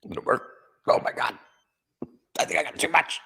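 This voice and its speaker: A man's voice: moderate pace, sharp tone. A middle-aged man hosting a casual livestream from home beside a Christmas tree, rambling and joking, greeting viewers by name and coughing now and then. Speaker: livestream host.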